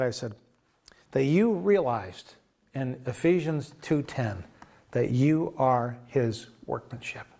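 A man's voice: mid-range voice, darkish tone. A man preaching a sermon, retelling a story in a loose conversational way and acting out the quoted dialogue. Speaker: pastor.

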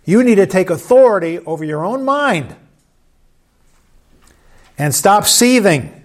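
A man's voice: sits high, lively intonation, measured pace. A man preaching a sermon in church, conversational and joking with the congregation. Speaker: pastor.

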